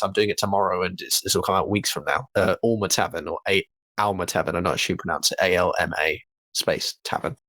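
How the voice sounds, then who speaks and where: A man's voice: on the low side, a bit bright, no room sound. A young man rambling through casual podcast chat, with many restarts and fillers. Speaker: podcast co-host.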